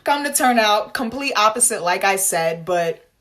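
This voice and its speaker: A young woman talking straight to camera in a casual storytime vlog. She fills her speech with "like" and slangy asides. When she reenacts a scene, her voice leaps up into high, dramatic quoted lines. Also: moderate pace. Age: young adult. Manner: animated, dramatic retelling with bursts of high acted quotes; frequent fillers like "like" and slangy asides. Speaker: vlogger.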